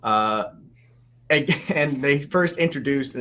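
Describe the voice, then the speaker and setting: A man co-hosting a comic book podcast, talking casually with hesitant pauses. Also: mid-range voice, expressive, fairly bright tone. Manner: hesitant, laughs while talking. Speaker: podcast co-host. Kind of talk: casual chat.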